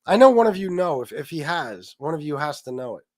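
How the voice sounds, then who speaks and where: A man's voice: a little high, very animated, brisk, dry recording, studio quality. A man hosting a casual livestream with a stuffed-up nose, rambling, swearing and reading viewers' chat comments aloud. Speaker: livestream host.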